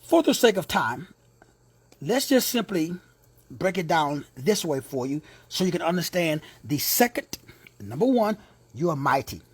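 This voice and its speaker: Husky, lively-pitched male Bible teacher. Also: a little slow, no echo. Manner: emphatic, repeats key words, slangy asides. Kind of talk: teaching sermon.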